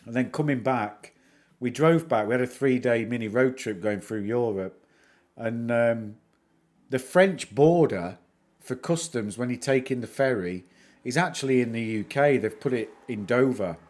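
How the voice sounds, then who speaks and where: A man's voice: mid-range voice, measured pace, a little mellow. A middle-aged Northern English man hosting a livestream, chatting in a rambling, joking way with music playing behind him. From England. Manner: chatty, rambling, self-mocking jokes. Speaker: livestream host. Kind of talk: casual livestream chat. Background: background music.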